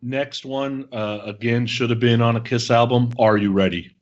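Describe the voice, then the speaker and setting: A man's voice: mid-range voice, steady tone, moderate pace, lo-fi sound. A man co-hosting a podcast in a casual chat, speaking with an eager, fan-like enthusiasm. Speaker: podcast co-host.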